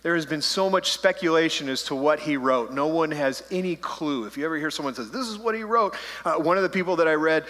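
A male pastor delivers a sermon with a bright, forceful voice pitched a little high. He talks in a loose, conversational way and tosses in playful asides. The sound rings with the long reverb of a church hall. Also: brisk.

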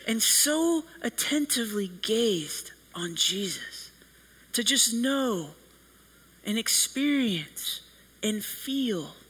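A man preaching a sermon in an earnest, measured way, with long pauses between phrases. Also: very high-pitched, pushed and bright, slightly rough, poor audio.

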